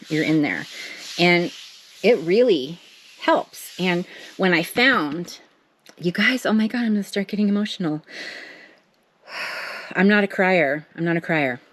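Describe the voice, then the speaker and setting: A middle-aged woman with a fairly low voice chats casually while making art, talking to herself and joking at her own expense. She's a craft vlogger, and there's slight background noise.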